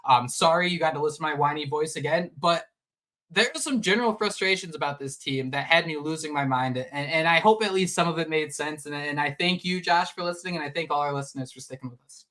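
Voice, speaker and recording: A man co-hosting a sports podcast in casual chat, animated and rambling with frequent restarts. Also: a little high, fast. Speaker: podcast co-host.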